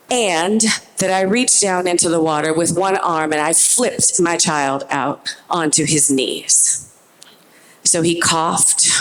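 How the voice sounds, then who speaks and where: On stage with a handheld mic, a middle-aged woman tells a personal story in a vivid, earnest way, slowing down for tense pauses. Her voice is deep.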